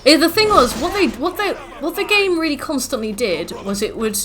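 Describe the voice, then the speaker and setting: A woman streamer chatting casually in a live stream, telling stories in an animated, rambling, profane way. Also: high voice, fairly quick, a crowd in the background.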